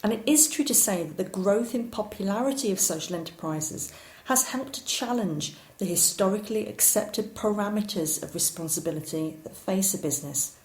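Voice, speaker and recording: A woman giving a recorded course lecture, explaining ideas clearly and at times poking fun at herself. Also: mid-range voice, normal speed, a little mellow. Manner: clear, explanatory, occasionally self-deprecating. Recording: roomy echo.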